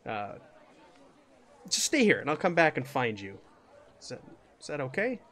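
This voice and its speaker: A man's voice: mid-range voice, sing-song, moderate pace, fairly bright tone, some chatter behind. Earnest explorer guy, plain voice, done by a man GM.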